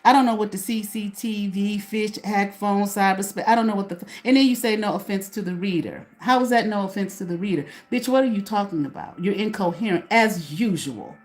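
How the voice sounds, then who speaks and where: This woman runs a small channel of her own and uses it to rant at someone with profanity and open confrontation, asking herself questions along the way. Her mid-range voice moves a little fast, with few pauses.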